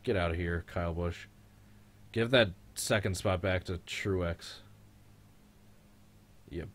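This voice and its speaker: A young man streaming a live race reaction, chatting casually with a friend and joking, getting loud when the race heats up. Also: sits low, slow. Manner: joking, gets loud and excited at race moments.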